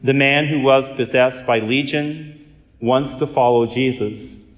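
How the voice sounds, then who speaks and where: A man, a Catholic priest and exorcist, giving an earnest, measured storytelling talk with touches of dry humor. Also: mid-range voice, steady tone. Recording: echoey hall reverb.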